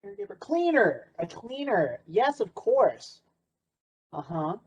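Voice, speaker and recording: A man's voice: high voice, very animated, slow pace, slightly rough. Man, workshop presenter, playful sarcastic delivery, lo-fi muffled sound. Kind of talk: interactive workshop talk. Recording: dull lo-fi recording.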